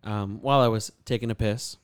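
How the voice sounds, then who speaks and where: A young man hosting a casual podcast chat, relaxed and rambling with lots of fillers. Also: on the low side, fairly quick, clean tone, dry recording, clean studio sound. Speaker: podcast host.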